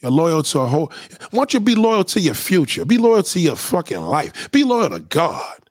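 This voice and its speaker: Dude going off on a rant, high voice jumping all over, cussing a lot, dry close sound. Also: male voice, normal speed, no room sound. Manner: animated, profane, preachy and conspiratorial; repeats himself for emphasis. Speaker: vlogger giving opinions. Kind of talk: profane rant to camera.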